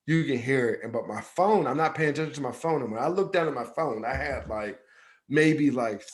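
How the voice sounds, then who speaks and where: A man co-hosting a podcast, telling a personal story in loose everyday speech and acting out the lines of the people in it. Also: mid-range voice. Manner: loose, conversational, acts out quoted dialogue, repeats "yada, yada". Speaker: podcast co-host. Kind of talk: personal storytelling in casual chat.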